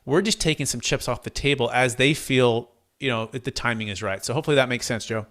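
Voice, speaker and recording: A man telling a client story in an interview, lively, acting out the voices of the people he quotes. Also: medium pitch, quick pace. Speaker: guest, tax deferral advisor.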